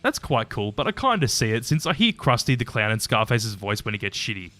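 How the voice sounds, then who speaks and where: A man's voice: mid-range voice, sing-song, brisk, sharp tone, no room sound. A man giving a casual, opinionated episode-by-episode review, chatty and sometimes swearing. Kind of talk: casual commentary ranking episodes.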